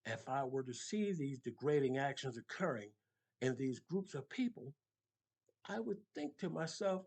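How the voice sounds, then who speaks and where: Husky, emphatic older man. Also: on the high side, lively intonation, moderate pace. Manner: emphatic, preacherly, rising to passionate peaks. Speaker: motivational speaker. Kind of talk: impassioned motivational monologue.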